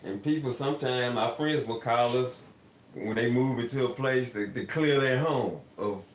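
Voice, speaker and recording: A man in a casual live-stream chat with a medium-pitched voice. He speaks in a preachy way and keeps murmuring agreement to his co-host. The room around him is echoey. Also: normal speed, slight background noise. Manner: preachy, backs up the other speaker with steady mm-hmms. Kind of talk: casual chat about spirits and faith.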